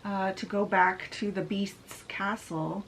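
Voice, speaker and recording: Casting: laid-back woman vlogger retelling an old tale, slow and chatty. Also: medium pitch, fairly even intonation, vocal fry, a bit bright, a little hiss or hum, low-quality recording. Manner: chatty, laid-back, asides while doing makeup. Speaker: book vlogger. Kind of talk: casual fairy-tale retelling.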